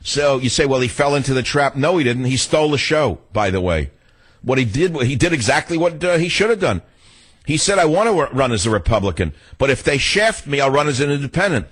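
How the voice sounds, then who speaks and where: Older man, radio talk host, sarcastic, combative, husky voice, studio mic. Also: medium pitch, big pitch swings, brisk, fairly bright tone. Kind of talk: opinionated political talk radio.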